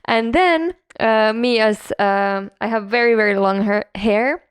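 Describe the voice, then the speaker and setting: A woman's voice: a little high, clear, resonant tone, no room sound. A woman co-hosting a podcast in a casual chat, playful and teasing. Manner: playful, teasing, quick interjections. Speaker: podcast co-host.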